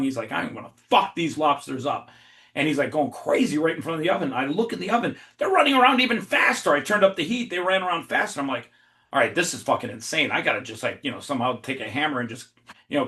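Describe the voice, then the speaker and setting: A man appearing as a podcast guest talks fast at a medium pitch, telling a lengthy comic tale in a relaxed chat. His delivery is animated, full of profanity and his own laughter.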